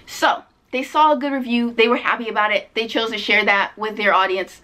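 A young woman with a fairly high voice rants on her book vlog, sarcastic and plainly exasperated. She swears freely and keeps circling back to the same point. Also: normal speed, few pauses, sharp tone. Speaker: book vlogger. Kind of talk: ranting vlog commentary.

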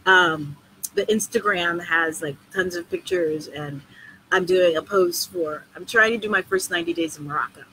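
Brash woman tour organizer, foul-mouthed and lively, bright voice, faint background noise. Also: on the low side, normal speed, poor audio. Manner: blunt, profane and animated. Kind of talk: casual live video Q&A.

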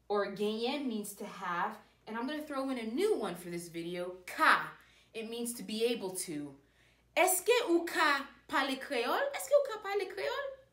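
A woman teaching a language lesson, explaining patiently step by step. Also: medium pitch. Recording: echoey room.

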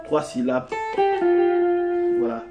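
A man teaching a guitar lesson, explaining step by step with frequent fillers and restarts. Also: slow pace. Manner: explains step by step, switching between English and French, with many fillers. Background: guitar playing.

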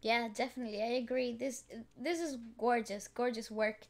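A woman's voice: fairly high pitch, steady tone, normal speed. A woman co-hosting a music reaction video, speaking in an easygoing, agreeable way and laughing often. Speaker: co-host of a music reaction channel. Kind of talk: casual reaction chat.

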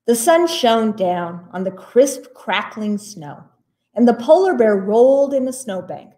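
Woman librarian, story-time read-aloud, slow and expressive. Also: a little high. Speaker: children's librarian. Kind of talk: children's story time reading.

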